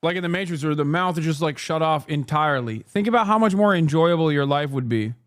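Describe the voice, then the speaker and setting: A man's voice: fairly high pitch, fast talker, dry recording, clean studio sound. A man streaming political commentary, ranting heatedly and sarcastically with plenty of profanity. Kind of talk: live-stream rant commentary.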